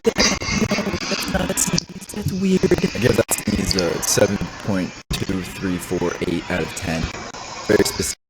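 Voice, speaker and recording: Excitable young man with a lively, bouncing voice. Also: fairly low pitch, unhurried, loud music behind the voice, low-quality recording. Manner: excitable, goofy, exclaiming in disgust and surprise. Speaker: reaction video host. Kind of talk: casual reaction commentary.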